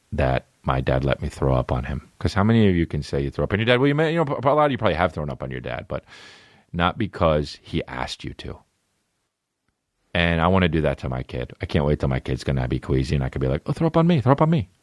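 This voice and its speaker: A man hosting a podcast, telling a funny family story and acting out a scared child in a high voice. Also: dry recording, studio quality. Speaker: podcast host. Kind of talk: solo comedic storytelling.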